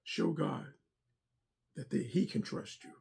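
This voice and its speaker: A middle-aged man gives a heartfelt testimony with a gravelly, slightly husky voice. His tone is mellow and warm. He talks in an earnest, preacherly way and keeps coming back to the same points. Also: fairly high pitch, huge pitch swings, takes it slowly. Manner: earnest, preacherly, repeats himself. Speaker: former armor bearer and driver to a pastor. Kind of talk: personal testimony talk.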